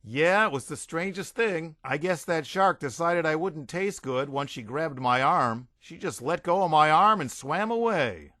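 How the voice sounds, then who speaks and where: A man's voice: a little high, a little slow, few pauses, no echo, studio quality. A man doing jumpy rocker Derek. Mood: sheepish. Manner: excitable, stammering. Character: rock-musician man Derek, jumpy and sheepish.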